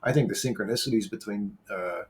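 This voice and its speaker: A man's voice: on the low side, brisk. A brash man who swears freely, rambling casually as he replies to viewer comments. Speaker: YouTuber replying to comments.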